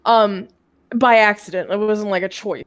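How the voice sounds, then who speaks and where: A woman's voice: mid-range voice, fairly even intonation, normal speed. A young woman chatting casually on a game stream, telling a long story in a rambling way and swearing often. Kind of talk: casual chat.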